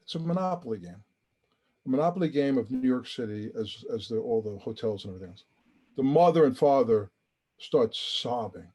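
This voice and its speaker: A man's voice: mid-range voice, lively intonation, fairly quick, mellow, slightly rough. A man who is a guest on a podcast, telling a story with feeling and acting out the quoted dialogue. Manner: emotional, earnest. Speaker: interview guest, charity founder.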